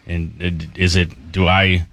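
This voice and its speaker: A man's voice: sits low, little pitch movement, slow, fairly bright tone, dry recording. A man, a former player as radio guest, talking in a loose, rambling way with many fillers and restarts. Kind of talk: casual radio chat.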